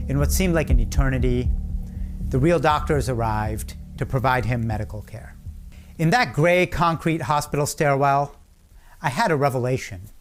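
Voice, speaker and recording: A middle-aged man giving a commencement speech, telling a personal story with dramatic pauses and acted-out shouts. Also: medium pitch, lively intonation, soft background music. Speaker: commencement speaker.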